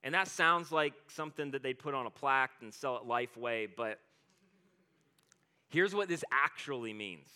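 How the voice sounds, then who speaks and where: A man preaching a sermon in an energetic, conversational way, retelling scripture in his own words. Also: mid-range voice, moderate pace, smooth. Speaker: pastor.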